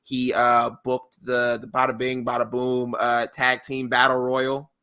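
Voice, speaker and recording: A man's voice: mid-range voice, monotone, measured pace, bright, forceful tone, clean tone. A man co-hosting a podcast, recapping a show in rambling, filler-heavy casual talk. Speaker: podcast co-host.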